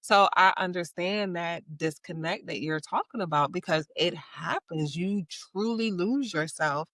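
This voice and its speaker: Bright, expressive woman hosting a chat. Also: fairly low pitch, measured pace, dry recording. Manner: warm, encouraging, expressive storyteller. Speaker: podcast host. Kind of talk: casual chat.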